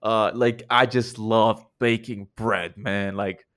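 A man co-hosting a casual podcast chat, quick and teasing, speaking with eager emphasis. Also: on the low side, fairly even intonation, a bit bright. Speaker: podcast co-host.

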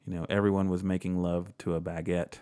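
Very deep-voiced joking man. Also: level tone, brisk, dark tone. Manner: jokey, offhand, swears casually. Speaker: podcast co-host. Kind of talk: casual chat, reading facts aloud.

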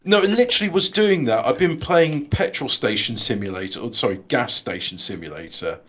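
Man, mid pitch, casual co-host, dry wisecracks, relaxed storytelling. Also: brisk, a little hiss or hum. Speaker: podcast co-host. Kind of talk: casual chat.

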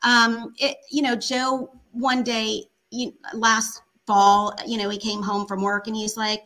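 A woman's voice: mid-range voice, flat delivery, unhurried, few pauses, bright, forceful tone, poor audio. A middle-aged woman, a podcast guest, telling heartfelt stories in casual chat, full of fillers. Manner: heartfelt, storytelling, many fillers.

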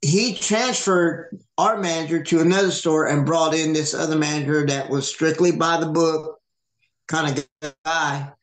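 Animated storytelling man, echoey room. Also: fairly high pitch. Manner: animated, swearing, acts out quoted people. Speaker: podcast host. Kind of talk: casual storytelling chat.

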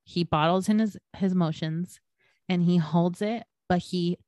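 A young woman co-hosts a podcast in loose, casual chat. Her voice sits fairly low, and she tells stories in a rambling way, full of fillers and casual swearing. The sound is dry and close, with no room echo. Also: fairly even intonation, unhurried, darkish tone. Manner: swears freely, storytelling with lots of fillers. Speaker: podcast co-host.

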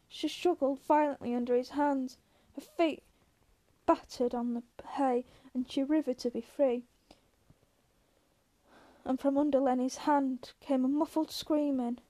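A woman reading a novel aloud in a steady, unhurried storytelling manner. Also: sits high, no echo. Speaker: reader.

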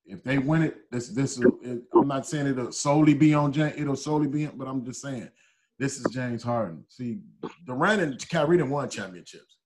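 A man's voice: mid-range voice, moderate pace, a little mellow. A man hosting a casual group chat, laid-back and joking, often repeating himself. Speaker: podcast host.

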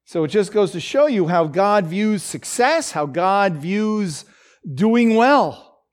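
A man's voice: high voice, animated, takes it slowly. A man preaching a devotional in a conversational way, with many fillers and frequent check-ins like "okay?" and "right?". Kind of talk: devotional teaching.

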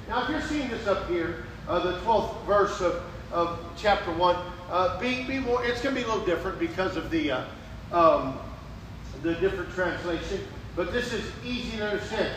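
A man preaching a sermon, animated, acting out prayers in a raised voice. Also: high-pitched, normal speed, a little hiss or hum. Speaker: pastor. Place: church sanctuary. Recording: echoey room heard from a distance.

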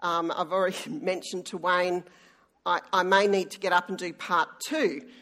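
A woman's voice: lowish voice, fairly even intonation, moderate pace, a bit bright. Chatty woman preaching a sermon. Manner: chatty, self-deprecating, with frequent ums. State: recovering from illness, may cough. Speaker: church elder and worship leader.

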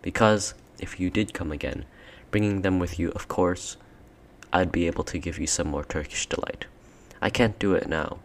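Man doing a sweet-talking queen, regal, commanding, low voice, storybook reading. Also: moderate pace. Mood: coaxing. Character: cold, coaxing queen, tall and regal. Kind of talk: audiobook character voice.

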